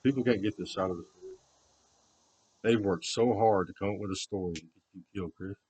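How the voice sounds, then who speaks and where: A man with a low-pitched voice rambles in unscripted talk. His delivery swings between quiet muttering and loud, repeated shouting. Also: fairly quick, slightly rough, poor audio.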